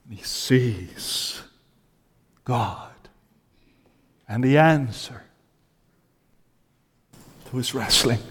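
A man preaching a sermon with passion, dropping to a hush and then rising to loud cries. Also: medium pitch, animated, very slow, pauses often, husky, big-room sound. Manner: impassioned, swings from hushed to loud cries. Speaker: pastor.

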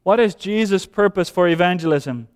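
High, emphatic preacher man in a hall. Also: normal speed, smooth. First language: Dutch. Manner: emphatic, repeats phrases, drops to soft low voice then rises. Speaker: pastor. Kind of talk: sermon. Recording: long hall reverb.

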